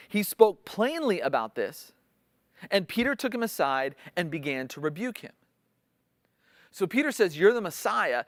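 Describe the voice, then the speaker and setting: A man's voice: high voice, dry recording. Conversational preacher man, dry sound. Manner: conversational teaching, acts out quotes with rising intensity. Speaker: pastor. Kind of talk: sermon.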